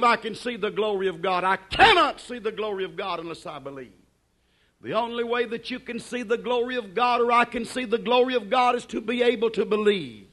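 High-voiced, bright fervent preacher man. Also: expressive. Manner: fervent, drawn-out preaching with swings from loud to hushed. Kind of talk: sermon.

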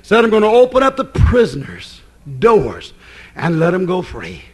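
Pastor, man, high voice and lively pitch, excitable sermon delivery with shouted peaks. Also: moderate pace, slightly rough. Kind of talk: preaching sermon.

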